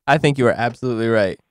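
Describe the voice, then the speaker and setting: A man's voice: mid-range voice, clear, resonant tone, dry recording, studio quality. A young man hosting a show, chatting casually in a giggly, enthusiastic way. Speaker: podcast host. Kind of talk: casual chat.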